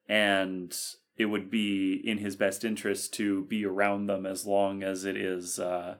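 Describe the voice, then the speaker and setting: A man co-hosting a podcast in casual chat, asking measured questions and hedging with fillers. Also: low voice, monotone. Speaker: podcast co-host.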